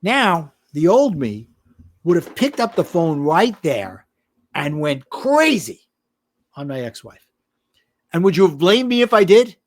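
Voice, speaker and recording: A man's voice: a little high, measured pace, pauses often. A middle-aged man, a life and business coach, telling a personal story in a podcast interview and acting out the voices of the people in it. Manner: animated, acts out quoted voices.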